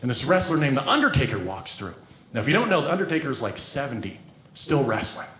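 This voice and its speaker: A man performing a stand-up comedy set, telling stories about his family in an animated way. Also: medium pitch, fast talker, roomy sound, background noise. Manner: animated storytelling, acting out quotes.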